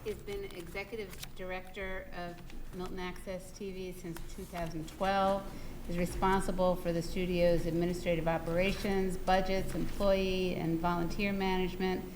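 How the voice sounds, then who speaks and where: Committee lady reading off notes, low flat voice, noisy room. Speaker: school committee member. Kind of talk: reading prepared remarks.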